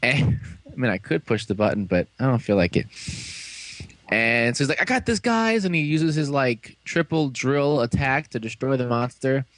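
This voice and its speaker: A man casually recapping an episode for friends, animated and full of fillers, slipping into quick voices for the characters. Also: medium pitch. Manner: animated storytelling, fillers and quick acted quotes. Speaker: fan reviewer recapping an episode.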